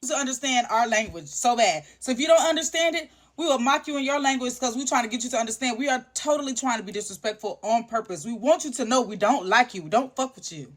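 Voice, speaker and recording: A woman's voice: on the high side, animated, fast, hardly any pauses. A woman from the United States in a casual, profane rant, blunt and defiant. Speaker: speaker in a clip.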